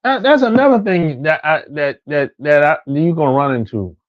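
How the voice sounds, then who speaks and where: A man's voice: on the high side, lively intonation, moderate pace, no echo, muffled recording. A man ranting casually, profane and repetitive, often laughing at his own stories. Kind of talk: casual rant.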